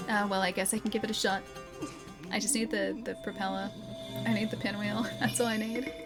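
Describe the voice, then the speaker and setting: A young Australian woman chatting casually with her viewers as she plays. She talks freely and laughs often, and her voice sits a little high. Game music runs clearly underneath. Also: steady tone, normal speed. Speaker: streamer. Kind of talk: casual gameplay chat.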